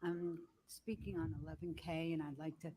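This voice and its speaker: A woman giving public comment at a council meeting, halting with fillers and restarts. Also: low-pitched, level tone, background noise.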